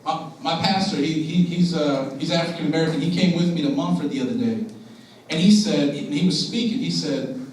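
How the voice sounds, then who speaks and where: At a school assembly, a young motivational speaker with a fairly high, darkish voice talks quickly and earnestly, quizzing students and pressing them to listen. The large school room echoes heavily, the recording is captured from a distance, and there's slight background noise.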